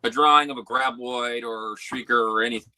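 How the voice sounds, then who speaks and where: A man as a guest in a casual podcast chat, hesitant and halting with many fillers. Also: medium pitch, fairly even intonation, pushed and bright, slight background noise.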